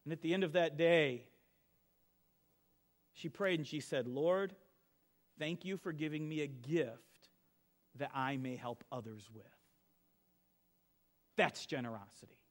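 A middle-aged man preaching from the pulpit in a fairly high voice. He talks like he is telling stories to friends, dropping to quiet asides and then pressing hard on key lines. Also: unhurried, pauses often. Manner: conversational storytelling, swings from soft to emphatic. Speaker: pastor. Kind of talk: sermon.

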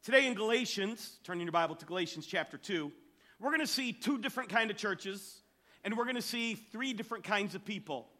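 A man's voice: high-pitched, lively intonation, brisk, sharp tone. A male pastor giving a sermon to his church in an emphatic storytelling style.

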